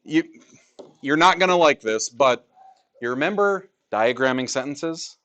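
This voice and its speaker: A man's voice: mid-range voice, animated, measured pace, a bit bright. A male math teacher teaching a class in a classroom, joking with students and asking rhetorical questions.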